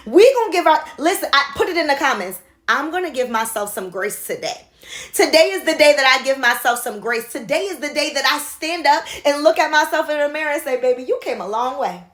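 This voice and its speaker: Passionate, high-voiced woman motivational vlogger. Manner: passionate, swings between shouting and soft confiding. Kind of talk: motivational talk to camera. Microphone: handheld phone camera.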